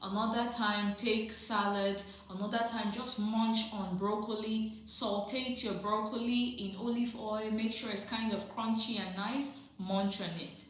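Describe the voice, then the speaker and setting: Steady in tone and measured in pace, with few pauses, a fairly high-pitched woman hosts a casual live chat, reading out viewer comments and answering them directly. She often laughs and repeats her advice for emphasis, recorded on a phone or computer mic in a very echoey room.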